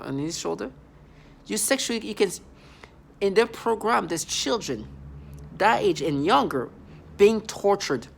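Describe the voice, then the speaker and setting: A vlogger speaking in a halting, repetitive, accusatory monologue. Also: medium pitch, vocal fry, a little hiss or hum. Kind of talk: angry vlog monologue.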